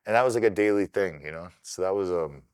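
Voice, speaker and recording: A middle-aged man from Ohio recounts his fights in a loose, animated podcast chat, swearing freely as he goes. His voice sits deep and low, with a smooth, resonant tone. The sound is dry and close to the mic. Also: quick pace, no room sound. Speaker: podcast guest, kickboxer. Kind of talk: casual storytelling.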